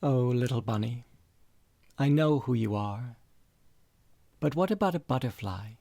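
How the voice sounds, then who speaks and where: A man reading the part of a dying elderly mother, speaking softly and tenderly. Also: mid-range voice, expressive, unhurried, creaky, no echo. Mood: musing. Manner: soft, tender, reflective.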